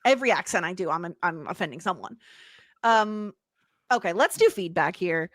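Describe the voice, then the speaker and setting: A woman co-hosting a casual podcast chat, animated and quick to laugh, often teasing herself. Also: fairly low pitch, no room sound, studio quality. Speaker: podcast co-host.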